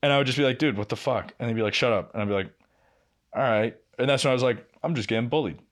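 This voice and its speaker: Young guy on a podcast, swears a lot, acts out both sides of an argument, mid-pitched voice. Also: racing. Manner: profane, animated, acts out quoted exchanges. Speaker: podcast co-host. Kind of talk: casual storytelling.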